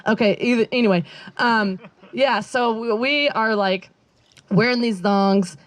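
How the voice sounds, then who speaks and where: A young adult woman with a fairly high voice speaks unhurriedly while doing stand-up at an outdoor backyard show. Her storytelling rambles, she keeps interrupting herself, and she giggles often.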